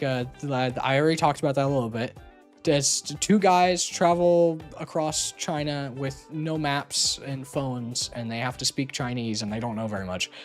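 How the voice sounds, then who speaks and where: A streamer chatting casually on a call, rambling and teasing playfully with lots of filler words. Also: medium pitch.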